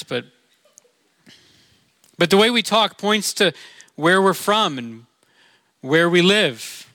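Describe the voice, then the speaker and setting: Bright-voiced Midwestern pastor preaching. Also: male voice, fairly high pitch, no echo. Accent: Midwestern American. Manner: earnest, conversational preaching with rhetorical questions. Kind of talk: sermon.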